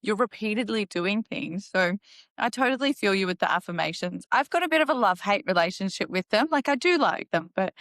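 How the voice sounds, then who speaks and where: A woman hosting a podcast, speaking in an animated, emphatic way and talking in quick bursts. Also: mid-range voice, no room sound, studio quality. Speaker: podcast host. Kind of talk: conversational interview hosting.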